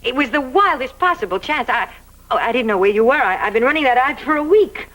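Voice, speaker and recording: A woman's voice: medium pitch, lively intonation, fairly quick, a bit bright, lightly acted, poor audio. An actress playing an anxious, loyal young woman, talking breathlessly and stammering eagerly.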